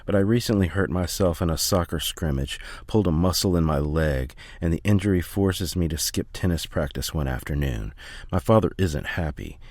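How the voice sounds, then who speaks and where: A man reading a first-person memoir aloud in a steady, measured way. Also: sits low, no room sound. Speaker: audiobook reader.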